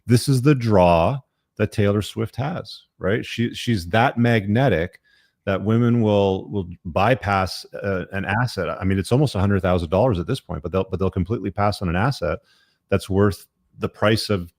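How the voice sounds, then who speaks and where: A man's voice: fairly low pitch, moderate pace, gravelly, a little mellow, no room sound, studio quality. A middle-aged man hosting a podcast, giving blunt, profane opinions with many fillers. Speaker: podcast host. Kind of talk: casual podcast talk.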